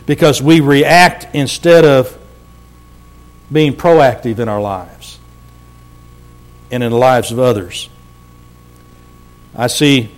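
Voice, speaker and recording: A man preaching a sermon as pastor, earnest and slowing down to stress words. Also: a little high. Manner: earnest, slows down for emphasis.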